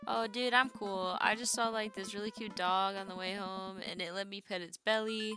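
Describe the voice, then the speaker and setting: A woman's voice: mid-range voice, fairly even intonation, moderate pace, over music, close to an everyday voice. A woman voicing a sarcastic, playful teenage daughter in a dating game, talking in a casual, slangy, teasing way. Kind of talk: reading a dating game aloud on stream.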